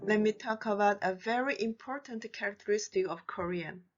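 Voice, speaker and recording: A woman teaching a grammar lesson, explaining clearly and patiently. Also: mid-range voice, muffled recording, loud music behind the voice. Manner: clear, patient explanations with slow modeled Korean examples. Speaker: Korean language teacher.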